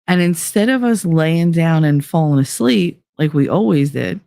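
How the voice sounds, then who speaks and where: A woman's voice: sits low, animated, moderate pace, creaky, mellow, no room sound, studio quality. A woman host telling a personal story in a casual, chatty way, filling her talk with "like" and acting out what other people said. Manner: chatty, heavy use of "like", acts out others' lines. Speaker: podcast host.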